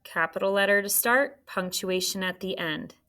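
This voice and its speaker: A woman's voice: medium pitch, normal speed, sharp tone. A woman teaching a phonics lesson to young children, patient and encouraging as she sounds out letters and syllables. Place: classroom.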